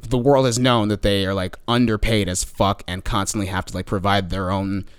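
A man's voice: on the low side, level tone, fairly quick, clean tone, dry recording, studio quality. A young man co-hosting a podcast, talking loosely in casual chat with casual swearing. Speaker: podcast co-host.

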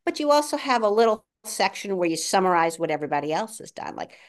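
A woman guest on a podcast who works in education policy, explaining her views in a measured way. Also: medium pitch, sing-song. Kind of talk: casual podcast conversation.

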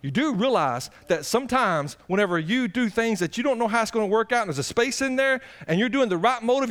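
A middle-aged man preaching a sermon, his voice sitting high for a man. He talks in a folksy, conversational way, asks the congregation questions, and swings between excited, raised passages and low, quiet asides. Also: fairly quick, few pauses. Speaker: pastor.

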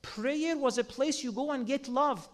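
A man delivers a sermon in a strikingly high voice. He speaks earnestly, piling up rhetorical questions and homely everyday examples to make his point. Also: measured pace. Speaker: religious speaker.

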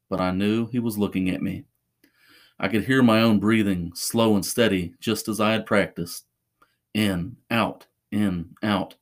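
A man narrating a first-person horror story in a measured, suspenseful way. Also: lowish voice.

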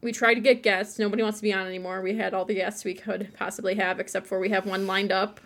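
A woman's voice: medium pitch, level tone, fast. A woman co-hosting a casual podcast from home, chatty and rambling, laughing often. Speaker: podcast co-host. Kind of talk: casual chat.

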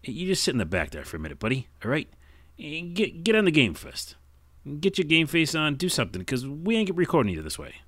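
A man voicing a pushy, fast-talking tough guy in the style of a 1920s to 1940s character, as a comic bit on his podcast. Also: on the high side, huge pitch swings, fairly bright tone, dry recording, voice pushed up, heavily acted. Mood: bossy. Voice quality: brash, bossy, fast-talking.

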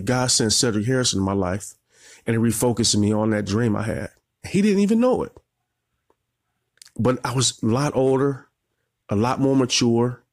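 A man in his forties, a marketing coach, giving an emotional motivational talk, holding back tears and repeating phrases as he tells his story. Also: medium pitch.

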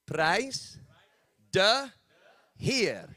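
A man with a Southern drawl, preaching as a guest. He talks in a playful, teasing way. His voice sits a touch high, and the sound is dry and close. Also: big pitch swings, measured pace, pauses often, sharp tone, dry recording. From Texas. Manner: playful, joking, drawls "y'all". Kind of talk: sermon.

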